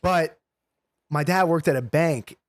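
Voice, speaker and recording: A young man from New York, a comedian telling stories as a guest in a casual chat, animated and quick to slip into impressions. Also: on the high side, no room sound. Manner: animated storyteller, slips into impressions.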